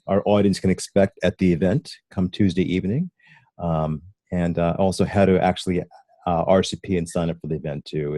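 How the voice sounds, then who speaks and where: A man's voice: deep voice, dark tone, no echo. A man hosting a casual video-call interview, friendly and rambling, often restarting his sentences. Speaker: interview host.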